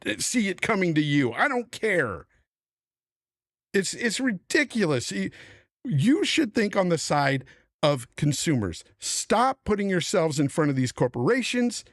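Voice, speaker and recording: A man's voice: sits high, very animated, unhurried, no room sound, studio quality. Angry middle-aged man ranting. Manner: angry, profane, emphatic ranting. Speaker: podcast host. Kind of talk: heated panel rant.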